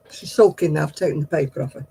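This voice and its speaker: A woman's voice: low-pitched, normal speed, vocal fry, warm tone, husky, rough recording. A woman hosting a casual live video chat, talking about knitting while coaxing and scolding a restless dog. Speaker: host of a live stream. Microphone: computer or phone on a video call.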